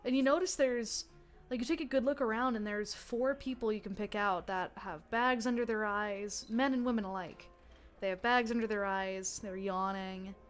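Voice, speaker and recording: A woman's voice: mid-range voice, normal speed, faint music behind. A woman running a tabletop role-play game as game master, narrating in a chatty way full of fillers and restarts. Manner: chatty, lots of fillers and self-corrections.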